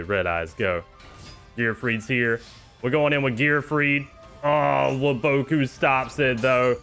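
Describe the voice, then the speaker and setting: Speaking at a medium pitch, a man narrates a card game tournament play by play, keeping it casual and excitable while chuckling a lot and urging the players on.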